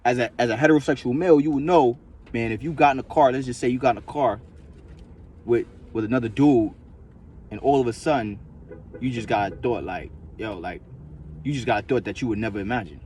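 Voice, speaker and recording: Male vlogger, mid pitch, loose slangy profane ramble, lots of repetition. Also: brisk, darkish tone, slight background noise. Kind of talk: casual rambling monologue.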